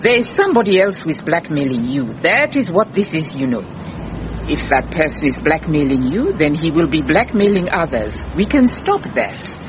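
A patient woman detective, lively pitch, muffled radio-play sound. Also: moderate pace, noisy background. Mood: firm, gentle. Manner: gentle but firm, patient. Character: calm, persistent female private detective. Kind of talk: radio drama acting.

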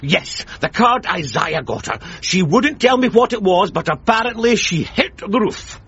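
An actor playing a chatty, flustered parish priest in a radio sitcom. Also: male voice, sits high, expressive, unhurried, fairly bright tone, husky, exaggerated voice. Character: fussy gossiping parish priest, man. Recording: muffled broadcast sound.

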